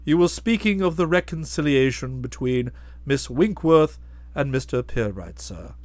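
Guy doing a super formal butler type, calm, quiet sirs, dry close sound. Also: mid-range voice, no echo, natural voice. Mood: composed. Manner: measured and formal, trailing off softly on each "sir". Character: deferential, formal male valet, calm and unflappable.

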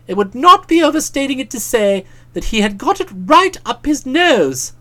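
An audiobook narrator reading a comic novel in a wry, expressive way. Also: high voice.

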